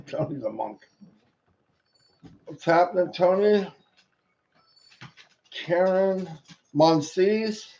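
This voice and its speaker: A man with a somewhat high, mellow voice welcomes viewers by name on a live stream, slow and unhurried. He drops playful sing-song call-outs and rhymes between names. The audio sounds dull and lo-fi. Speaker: host greeting viewers.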